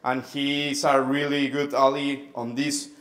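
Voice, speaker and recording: Young man, friendly and halting. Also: medium pitch, flat delivery, a bit bright. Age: 20s. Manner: friendly, halting, searching for English words. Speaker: guest speaker. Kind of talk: introducing a team at a press conference.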